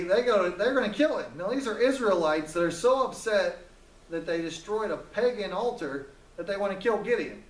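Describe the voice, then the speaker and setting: A man's voice: sits high, echoey room, recorded from a distance, slight background noise, rough recording. A man teaching a Bible story in a casual, joking way, acting out the characters' lines as he retells it.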